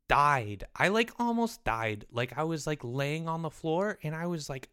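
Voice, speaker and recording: A woman voicing Jeffrey, a scatterbrained, excitable young boy who rambles as a comedy podcast co-host. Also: low voice, a little slow, clear, resonant tone. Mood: excited. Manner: scatterbrained, rambling, easily sidetracked.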